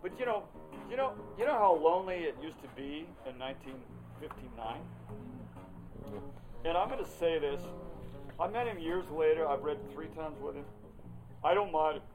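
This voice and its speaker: A man's voice: on the high side, expressive, normal speed, long pauses, rough recording. An older man from Oregon, a poet performing rambling, profane, theatrical verse and talk over live guitar. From Oregon, United States. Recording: live guitar playing behind. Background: live guitar playing.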